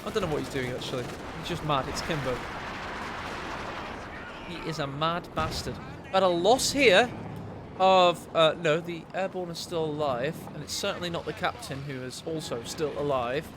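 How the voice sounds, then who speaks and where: High-voiced excitable male game caster. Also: normal speed, background noise. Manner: excitable, cheeky, jokes at co-caster. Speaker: game commentator. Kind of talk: live game commentary. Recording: loud game battle sounds behind.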